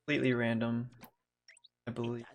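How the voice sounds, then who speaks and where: A man casually commentating a speedrun race with a relaxed, wry manner, often laughing. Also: mid-range voice, brisk.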